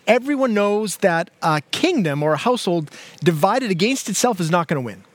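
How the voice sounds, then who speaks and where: A man's voice: high voice, very animated, brisk, no echo. A man, a pastor, preaching a sermon in a conversational way, with many fillers and restarts. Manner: conversational, with frequent fillers and repeated words.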